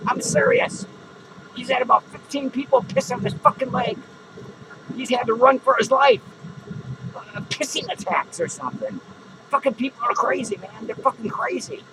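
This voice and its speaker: A man's voice: extremely high pitch, expressive, normal speed, background noise. A man playing a drunken, foul-mouthed, hot-tempered male clown who slurs, rambles and swears. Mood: indignant ranting. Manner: slurring, rambling, swearing constantly. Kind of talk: improvised character comedy monologue.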